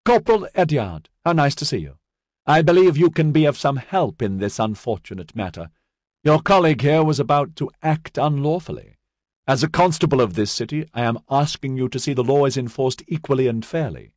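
A man voicing a courteous, pompous male lawyer who speaks in a lofty, legalistic way, higher than his own voice. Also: animated, a little fast, darkish tone, no room sound, clean studio sound, close to an everyday voice. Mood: suave.

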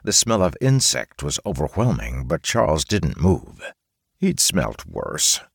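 A man narrating an audiobook in an expressive storytelling manner, recorded close on a studio mic. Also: extremely low pitch, a little slow, vocal fry, breathy edge, no room sound. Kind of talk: scripted narration.

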